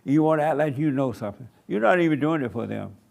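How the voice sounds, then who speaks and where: A man preaches a sermon to a small church gathering, his raised voice running with a gravelly rasp. He hammers home short commands again and again and drags out key words slowly for weight. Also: a little high, lively intonation, a little mellow. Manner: emphatic, repeats short commands. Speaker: pastor. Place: church meeting room.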